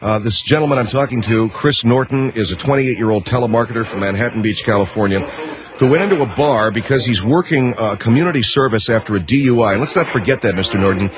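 A man's voice: mid-range voice, quick pace, a crowd in the background, low-quality recording. A man hosting a radio call-in show, needling his guest and setting up the story. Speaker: radio talk show host.

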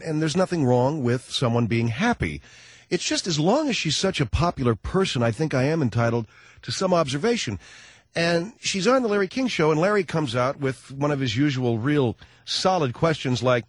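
A male radio host with a husky, raspy tone and a pitch that swings widely as he rambles. His delivery is sardonic and self-mocking. The mic sound is close and dry. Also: sing-song, moderate pace, no room sound. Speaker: radio talk show host. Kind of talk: comic talk radio monologue.

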